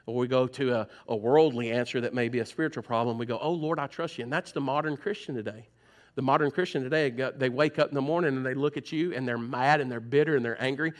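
A man's voice: mid-range voice, steady tone, fast talker. Preacher teasing his congregation. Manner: conversational preaching, teasing the congregation, mimics voices. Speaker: pastor. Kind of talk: sermon. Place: church sanctuary.

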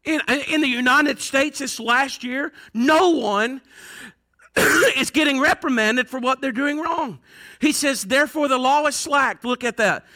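A man preaching a sermon as pastor, swinging between loud impassioned shouting and low urgent asides. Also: measured pace.

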